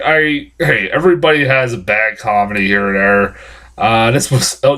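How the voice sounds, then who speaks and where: A man's voice: mid-range voice, fairly bright tone. Man, casual film reviewer, blunt and profane, stammery restarts. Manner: exasperated, blunt. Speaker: movie reviewer.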